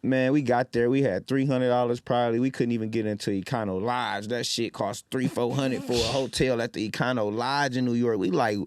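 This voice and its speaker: Detroit guy in his 30s on a podcast, dry close mic, gets loud acting out quotes. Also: mid-range voice, a little fast, hardly any pauses, clear, resonant tone, dry recording. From Detroit, Michigan. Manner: animated storyteller, loud when acting out quotes. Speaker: rapper and podcast guest. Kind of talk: casual storytelling.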